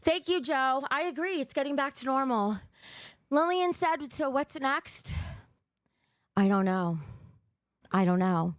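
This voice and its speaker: A woman's voice: sits high, lively intonation, unhurried, long pauses, no echo, clean studio sound. A young woman streaming live, talking bluntly and cursing as she reads out viewer donations, a little out of breath. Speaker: livestreamer. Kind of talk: casual livestream chat.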